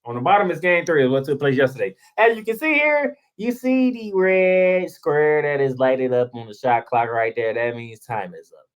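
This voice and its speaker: Pitched in the middle range, the voice is expressive and moves at a moderate pace with few pauses. It belongs to a sports show host on a fiery solo tirade, casual and sarcastic, who keeps asking rhetorical questions and hammering the same points for emphasis.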